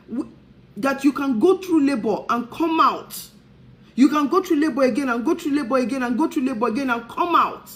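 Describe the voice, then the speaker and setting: A woman's voice: on the high side, a little mellow, a little hiss or hum, low-quality recording. A woman, a talk show host, speaking in an impassioned preaching style and firing off repeated rhetorical questions.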